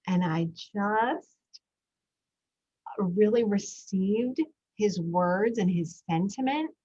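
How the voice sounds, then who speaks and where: A woman's voice: medium pitch, extremely slow, long pauses, mellow, breathy edge, dull audio. A middle-aged woman, a parenting coach, talking in a reflective, storytelling way about her own family life. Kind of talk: podcast talk with a guided breathing moment.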